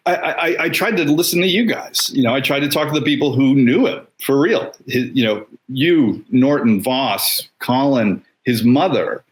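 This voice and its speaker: A man, a documentary filmmaker, answering a question in a measured way on a podcast. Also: medium pitch, animated. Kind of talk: casual interview answer.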